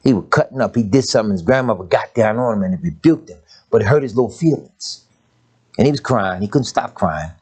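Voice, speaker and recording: An older male preacher delivers a sermon in a storytelling manner. His pitch swings widely as he moves between his own voice and quick impressions of his parents and grandmother. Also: expressive, a little mellow, breathy edge.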